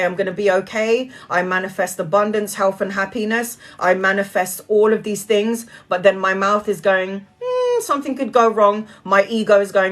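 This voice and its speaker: A woman speaking earnestly to viewers in a casual spiritual talk, preachy and quick to laugh. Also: mid-range voice, fairly bright tone. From Brazilian heritage.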